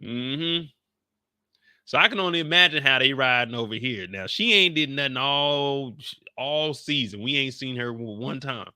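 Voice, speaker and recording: A man hosting a casual video recap, full of slang and jokes, speaking straight to his viewers. His tone is bright and forward. The sound is close and dry, with no room echo. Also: mid-range voice, animated, normal speed, clean tone. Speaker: host of a TV recap channel. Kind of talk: casual, animated video commentary.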